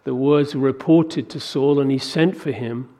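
A man preaching a sermon to a congregation, animated and acting out biblical dialogue in a raised voice. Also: mid-range voice, moderate pace. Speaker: pastor.

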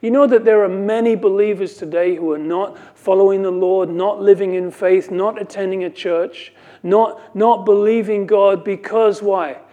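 A man's voice: high-pitched, fairly even intonation, normal speed, few pauses, mellow, muffled recording. A man preaching a sermon as pastor, earnest, with dry self-mocking asides.

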